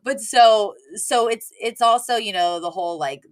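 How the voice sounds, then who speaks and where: A woman's voice: medium pitch, moderate pace. A woman co-hosting a podcast, recapping an episode in casual chat, animatedly quoting characters and laughing often. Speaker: podcast co-host.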